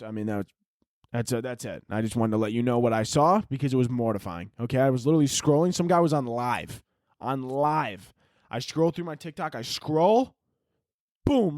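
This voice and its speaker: A young man hosting his own podcast, rambling through a profane, jokey rant that breaks into sudden yells. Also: medium pitch, dry recording, studio quality. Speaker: podcast host. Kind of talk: casual comedic rant.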